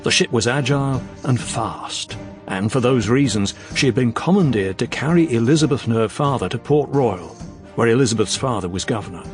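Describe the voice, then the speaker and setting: A man reading a children's adventure audiobook in measured, expressive narration. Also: medium pitch, music in the background. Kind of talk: scripted narration.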